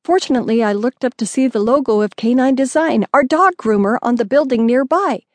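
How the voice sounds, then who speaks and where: A woman narrating a children's audiobook in the first person, voicing the cries of the young narrator with louder, higher lines. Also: lively intonation, a little fast, no room sound.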